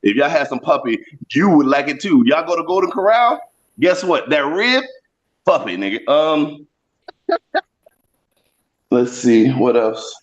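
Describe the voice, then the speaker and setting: A man doing stand-up over a video call, brash and crude, jumping from loud shouted bits to low mutters. His voice sits high for a man. The call audio is dull and muffled. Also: very animated, unhurried, long pauses. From Florida. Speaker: stand-up comedian.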